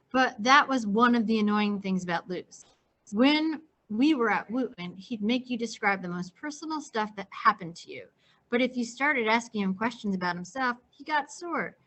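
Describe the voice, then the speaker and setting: A woman teacher reading a novel aloud to her class in steady, plain narration. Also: mid-range voice. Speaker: English teacher.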